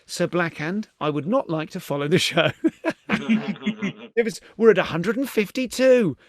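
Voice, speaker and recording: A middle-aged British man hosting a live comedy stream. He chats in a fairly high voice that swoops up and down, breaking into giggles and casual swearing. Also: lively intonation, moderate pace. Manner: chatty, giggly, swearing, greets viewers. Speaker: podcast host.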